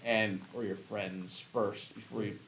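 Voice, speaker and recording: A man speaking as a guest in a casual group podcast, halting and full of fillers. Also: fairly low pitch, fairly even intonation, a bit bright. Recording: echoey room, faint hiss.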